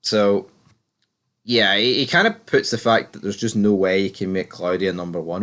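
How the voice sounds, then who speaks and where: A man's voice: on the low side, moderate pace, a bit bright. Sweary British man recapping a show. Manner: rambling, sweary, opinionated. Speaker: TV series reviewer. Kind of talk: casual episode recap commentary.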